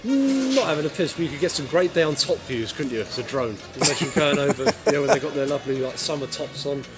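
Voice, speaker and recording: A man's voice: fairly high pitch, lively intonation, fast talker. A man answering questions in a casual, joking street interview. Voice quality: laid-back and joking, with chuckles. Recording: loud music over the recording.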